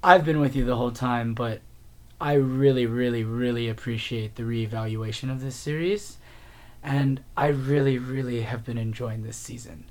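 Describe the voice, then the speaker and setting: A man's voice: medium pitch, steady tone, moderate pace, a little mellow. Rambling man reviewing TV shows. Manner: rambling, many fillers and restarts. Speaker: TV review podcast host. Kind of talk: casual spoken TV review.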